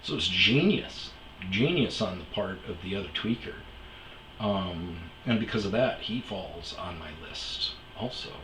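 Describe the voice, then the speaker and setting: Host, male, lowish voice, rambling cursing storyteller, roomy sound. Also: lively intonation, measured pace, a bit bright, a little hiss or hum. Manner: profane, rambling anecdotes. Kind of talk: comedic storytelling podcast.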